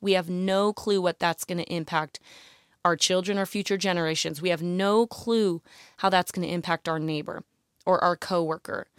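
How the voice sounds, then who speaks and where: Animated woman teaching the Bible. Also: fairly low pitch, normal speed, clean tone, dry recording, clean studio sound. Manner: animated and emotional, often saying "you guys" and "like, literally". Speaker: Bible teacher addressing women listeners. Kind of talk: casual Bible teaching podcast.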